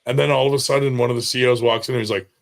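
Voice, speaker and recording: A man's voice: mid-range voice, fairly even intonation, rapid-fire, gravelly. Profane, laughing man telling stories. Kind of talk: casual storytelling.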